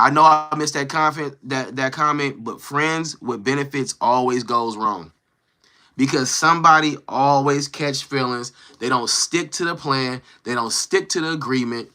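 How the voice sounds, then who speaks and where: A man hosting a casual livestream, talking to his chat in a slangy, animated way and acting out quoted lines. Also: mid-range voice. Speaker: livestream host. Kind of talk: casual livestream chat, reading viewer comments.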